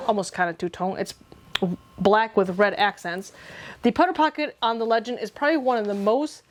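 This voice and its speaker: Female reviewer, higher pitch, methodical product walkthrough. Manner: detailed, methodical, self-correcting. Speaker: gear reviewer.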